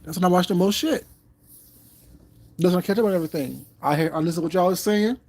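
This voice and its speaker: A man's voice: high-pitched, quick pace, a little mellow. Man, sassy livestream commentator, drawls, calls everyone baby.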